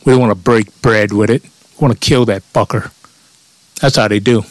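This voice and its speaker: A man's voice: on the low side, steady tone, moderate pace, no echo. A man telling a rambling comic monologue in a profane, offhand way.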